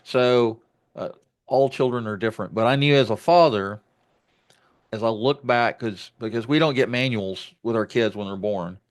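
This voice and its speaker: A man's voice: medium pitch, moderate pace. A man hosting a podcast interview, talking reflectively about fatherhood with many restarts. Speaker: podcast host. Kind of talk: conversational interview.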